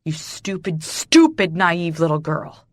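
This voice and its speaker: A woman's voice: on the low side, big pitch swings, slow pace, no echo, clean studio sound. A woman voicing a cold, cruel young male billionaire who hisses his words with contempt in an audiobook. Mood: contemptuous. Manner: hissing, contemptuous.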